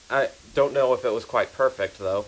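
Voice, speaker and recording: Woman player, very low voice, calm, reassuring. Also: a little slow, rough recording. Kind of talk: tabletop game chat.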